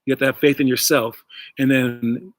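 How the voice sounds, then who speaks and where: A man's voice: mid-range voice, fairly even intonation, moderate pace, no room sound. A man hosting a casual livestream about basketball, coaching and talking in a rambling way with many fillers, speaking into wireless earbuds. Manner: rambling, filler-heavy, addresses viewers directly. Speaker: basketball coach and show host.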